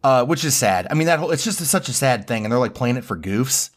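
A man's voice: medium pitch, expressive, fast talker. A man hosting a podcast, chatting casually and rambling through a reality-show recap, laughing often and acting out quotes. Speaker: podcast host.

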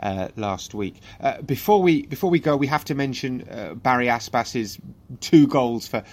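A man co-hosting a football podcast, chatting casually and running through results and fixtures. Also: mid-range voice. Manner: chatty, lively, runs through results in quick rundowns. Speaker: podcast co-host.

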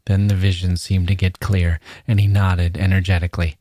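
A man narrating a literary short story in a measured, even manner. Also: low voice, dry recording, studio quality. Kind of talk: literary reading.

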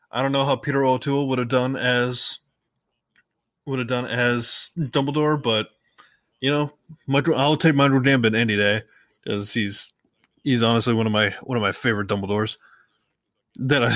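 A man's voice: medium pitch, pushed and bright, no room sound. A man hosting a casual podcast, rambling through a movie recap, often correcting himself and playfully acting out characters' lines. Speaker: podcast host.

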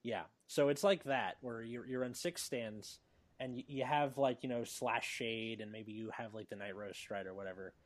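A man's voice: medium pitch, steady tone, normal speed. Guy hosting a podcast, jokey and teasing, trips over his words a lot. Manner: joking, teasing, stammering restarts. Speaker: podcast host. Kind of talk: casual podcast chat.

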